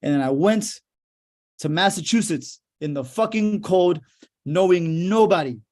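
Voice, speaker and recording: A young man from Houston speaks in a fairly high voice with a warm, mellow tone. He talks about his life as a lawyer in a casual, profane and emphatic way, driving each point home. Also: measured pace. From Houston, Texas. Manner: profane, emphatic, fired-up storytelling. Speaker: lawyer giving a motivational talk. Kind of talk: casual motivational talk.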